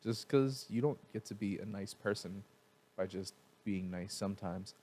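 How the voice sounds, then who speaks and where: A man co-hosting a podcast, speaking earnestly in halting casual chat with many fillers. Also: on the low side, mellow, husky.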